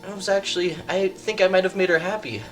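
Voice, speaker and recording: A student acting a teenage boy in a school video, telling a story in a rambling, halting way. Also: medium pitch, faint music behind, close to an everyday voice. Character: teenage boy recalling a spoiled kiss.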